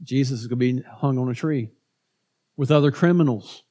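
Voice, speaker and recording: A pastor preaching a conversational sermon, often repeating words and tagging points with "right?". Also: male voice, medium pitch, moderate pace, dark tone.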